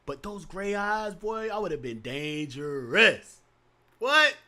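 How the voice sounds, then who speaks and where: A man talking in a relaxed podcast chat, telling stories and swinging between an excited high voice and a deep, low one. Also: measured pace. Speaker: podcast co-host. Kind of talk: casual chat.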